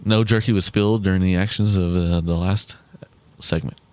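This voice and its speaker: A man co-hosting a podcast, answering in dry, laconic remarks with a low voice. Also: steady tone, moderate pace, darkish tone, smooth. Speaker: podcast co-host, editor. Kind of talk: casual podcast banter.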